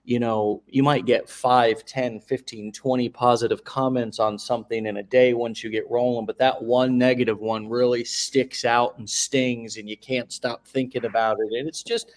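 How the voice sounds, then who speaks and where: A man hosts a live interview show in a level, medium-pitched voice, talking at normal speed with hardly any pauses. His long questions ramble effusively, full of restarts and filler words.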